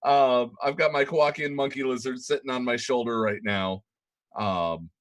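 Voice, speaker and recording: A man's voice: mid-range voice, moderate pace, a little hiss or hum. A man co-hosting a casual podcast, stammering often and laughing a lot. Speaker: podcast co-host.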